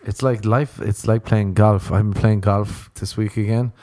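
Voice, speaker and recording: A man's voice: on the low side, steady tone, measured pace, dark tone, no room sound. A man hosting a podcast, telling rambling, profane, self-mocking stories in a casual comedic monologue. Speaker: podcast host.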